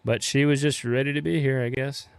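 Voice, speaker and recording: A young man casually chatting with viewers while playing a farming game, relaxed and swearing offhandedly. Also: medium pitch, brisk, vocal fry, smooth, dry recording. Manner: laid-back, swears casually, greets viewers by name. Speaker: game streamer. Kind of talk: casual live-stream chat while playing.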